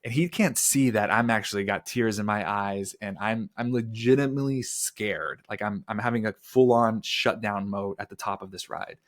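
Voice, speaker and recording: Guy in his 30s with a lowish voice, earnest storyteller, chatty interview guest. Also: moderate pace, few pauses. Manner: earnest, animated storyteller with fillers. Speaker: podcast guest.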